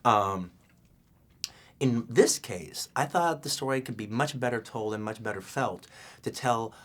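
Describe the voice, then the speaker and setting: A man's voice: mid-range voice, a little slow, fairly bright tone. A filmmaker being interviewed, a man talking loosely with many fillers and restarts. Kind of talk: casual interview answers.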